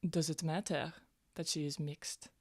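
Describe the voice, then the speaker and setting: A defiant young woman in a tabletop game who fires pointed, challenging questions, voiced by a woman. Her voice is low-pitched and sounds dry and close, with no room around it. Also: flat delivery, measured pace, no echo.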